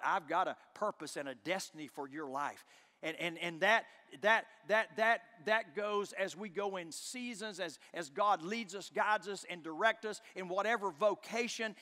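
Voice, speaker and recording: A middle-aged man preaching a sermon as pastor, impassioned, swinging from shouts to hushed tones. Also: high voice, normal speed, in a large hall. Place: church sanctuary.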